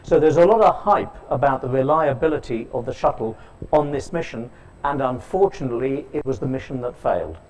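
A man's voice: medium pitch, lively intonation, brisk, a little mellow, low-quality recording. A man giving a keynote lecture at a conference, telling stories, quizzing the audience and slipping in dry jokes. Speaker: keynote speaker. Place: conference hall.

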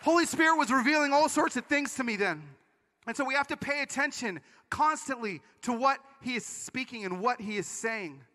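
A man giving an energetic conference sermon, telling stories with quick asides. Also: very high voice, big-room sound. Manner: animated storytelling with quick asides. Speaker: conference speaker. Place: large conference hall.

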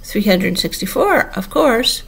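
A woman reading an audiobook and voicing a polite, earnest young girl with a gentle manner. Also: medium pitch, big pitch swings, unhurried, gravelly, slightly rough, pitched above the performer's own voice, exaggerated voice. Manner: polite, gentle, a little indignant. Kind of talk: audiobook character voice.

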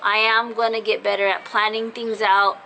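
Young woman vlogger, bright voice going in and out from illness; heartfelt, rambling apology to fans. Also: medium pitch, flat delivery, normal speed, vocal fry, a little hiss or hum, poor audio. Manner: apologetic, earnest, rambling with fillers. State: voice cutting in and out after illness. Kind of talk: casual heartfelt vlog talk to viewers. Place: in a car.

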